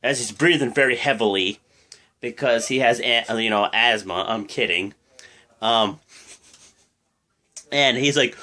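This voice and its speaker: A man's voice: mid-range voice, unhurried, pauses often, pushed and bright. A young man casually recapping a wrestling show, rambling and full of slang. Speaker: wrestling show reaction vlogger. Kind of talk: casual reaction commentary.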